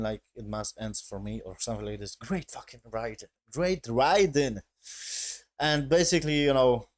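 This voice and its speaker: Excitable swearing man recapping a show. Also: medium pitch, no room sound. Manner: excitable, swears often, non-native phrasing with filler "yes?". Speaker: show reviewer. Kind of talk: casual recap and review.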